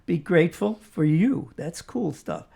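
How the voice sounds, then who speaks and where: An older man with a northern US accent chats loosely on a small talk show. His voice sits a touch high but sounds dark and mellow, and he wanders through his stories with frequent chuckles and hesitations. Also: expressive, unhurried, creaky, husky. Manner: rambling, chuckles often, trails off with ums. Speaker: co-host. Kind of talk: casual chat on a local talk show.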